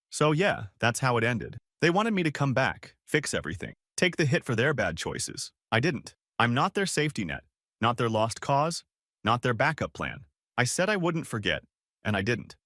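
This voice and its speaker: A man's voice: medium pitch, fairly bright tone, dry recording, studio quality. Blunt young man telling his own story. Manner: blunt and defiant. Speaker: narrator. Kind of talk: first-person story narration.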